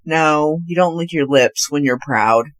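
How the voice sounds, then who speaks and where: A woman co-hosting a podcast, talking at an unhurried pace in a mid-range voice. The sound is dry and close, with no room around it. She gives frank takes and is quick to voice her disgust. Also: deep voice, no room sound. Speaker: podcast co-host. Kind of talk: casual chat about a film.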